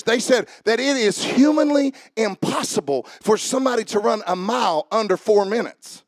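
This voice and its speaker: A man preaching a sermon, dropping to quiet asides and then rising to shouts. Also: high voice, normal speed, hardly any pauses, no room sound, clean studio sound.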